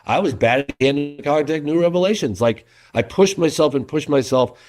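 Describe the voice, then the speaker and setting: A man's voice: on the high side, fairly quick, faint music behind. Earnest middle-aged man telling stories. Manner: animated storyteller, earnest. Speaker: documentary filmmaker, interview guest. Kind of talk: casual interview chat.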